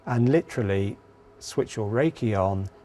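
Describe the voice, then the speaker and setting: A man calmly and earnestly presenting a spiritual healing course in an instructional video. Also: lowish voice, measured pace.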